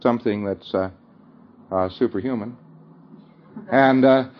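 A man's voice: mid-range voice, moderate pace, long pauses, a little mellow, muffled recording, a little hiss or hum. A man giving an informal lecture, often chuckling and checking that his listeners follow him. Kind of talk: conversational lecture.

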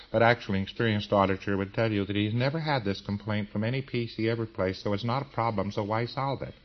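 A man's voice: lowish voice, fast, hardly any pauses. Folksy man lecturing on old lo-fi tape. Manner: folksy and emphatic, with slang and repetition. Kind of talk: informal lecture.

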